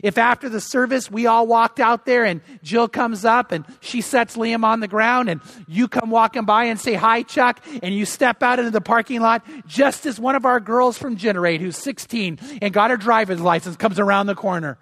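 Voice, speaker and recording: A man's voice: very high voice, moderate pace, hardly any pauses, fairly bright tone, no echo, studio quality. An older man preaching a sermon as pastor, earnest and emphatic, often repeating words as he restarts.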